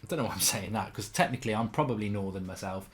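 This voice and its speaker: A man commentating on his own football video game in a chatty, rambling way, erupting into loud shouts when a goal goes in. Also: lowish voice, very fast. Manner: excitable, bursts into loud shouting over goals. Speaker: gaming commentator.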